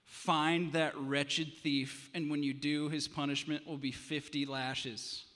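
A man preaching a sermon voices a stern, angry king who gives loud, commanding decrees. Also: fairly high pitch, flat delivery, slow. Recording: long hall reverb.

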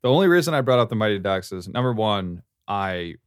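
A man's voice: fairly low pitch, a little fast, smooth, dry recording, clean studio sound. A man co-hosting a podcast, rambling through a casual chat with his friends. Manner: rambling and animated. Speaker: podcast co-host.

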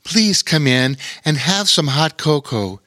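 A man voicing a kind, welcoming female wood elf in a children's story, gentle and hospitable. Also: fairly high pitch, expressive, slow, no room sound, clean studio sound, pitched above the performer's own voice, exaggerated voice. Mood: friendly. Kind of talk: storybook character voice.

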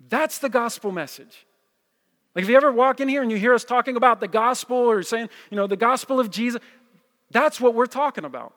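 A pastor from New with a fairly high voice, preaching in a casual, conversational way. He repeats himself and keeps asking "right?" to draw the room in. His voice rings out with a long, echoing reverb. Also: fairly quick, a bit bright. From New Jersey. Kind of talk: sermon. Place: church hall.

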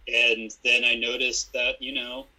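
A man co-hosting a casual podcast, giving dry, deadpan critiques and citing timestamps. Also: medium pitch, a little slow, low-quality recording. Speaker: podcast co-host. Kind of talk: casual episode recap chat.

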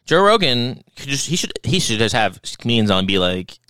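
A man's voice: mid-range voice, fairly quick, clear, resonant tone, no room sound, clean studio sound. A man co-hosting a podcast in crude, casual chat, often mocking people with put-on voices. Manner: animated, mocking impressions, profane. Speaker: podcast co-host.

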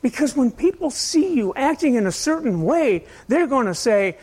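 A man preaching a sermon in a conversational, rambling way, asking his listeners question after question and swinging between loud and soft. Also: very high voice, very animated, moderate pace, breathy edge. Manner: conversational, asks the audience many questions. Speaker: pastor.

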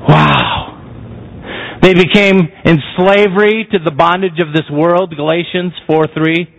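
A man's voice: a little high, steady tone, takes it slowly, gravelly, a bit bright. A man preaching a sermon, emphatic and posing rhetorical questions to the congregation. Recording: muffled lo-fi sound.

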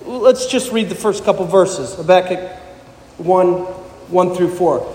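In a darkish tone and at a measured pace, a man reads scripture and explains it during an earnest sermon. His pitch and volume climb whenever he wants to stress a point, and the hall around him is echoey.

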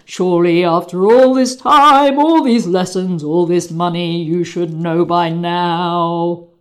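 A woman's voice: on the low side, takes it slowly, pitched below the performer's own voice. A woman putting on an operatic singing voice as a scolding inner critic, grand and drawn out. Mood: mock-grand.

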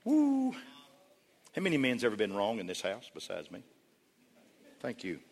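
A middle-aged man preaching a sermon as pastor, emphatic, with call-and-response to the congregation and climaxes that rise toward shouting. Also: lowish voice, expressive, brisk, creaky. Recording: long reverb of a large church hall.

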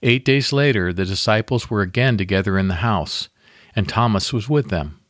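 A man hosting a devotional podcast, leading a guided meditation and prayer in a calm, measured, deliberate way. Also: on the low side, dry recording, studio quality.

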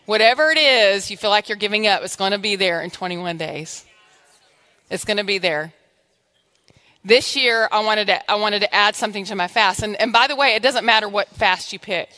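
Woman, pastor, sermon, bright forceful tone, humorous, conversational, church. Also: mid-range voice, normal speed.

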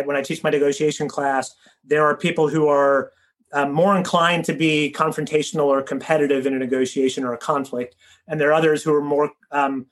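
A man's voice: fairly high pitch, fairly bright tone. A man in his thirties interviewing a guest, asking long rambling questions with frequent restarts. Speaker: interviewer, teacher.

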